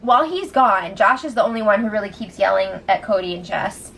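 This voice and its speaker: A woman recapping a reality show in casual chat, animated, laughing often and acting out what people said. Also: medium pitch, fairly quick, gravelly, husky. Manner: animated, laughing, acts out quotes, swears. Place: room at home.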